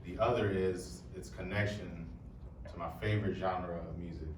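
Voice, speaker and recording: A man's voice: low-pitched, fairly even intonation, normal speed, noisy background. A young man presenting a talk to a live audience in a casual, joking way, speaking to the crowd directly. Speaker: poet and presenter. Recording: echoey room, voice heard from far off.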